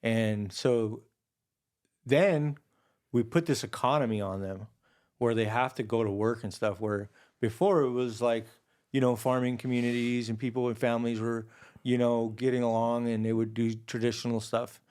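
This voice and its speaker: A man in his forties from Hawaii, a podcast guest telling stories in a relaxed, rambling way, full of "dude" and "you know.". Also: mid-range voice, normal speed. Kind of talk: casual storytelling conversation.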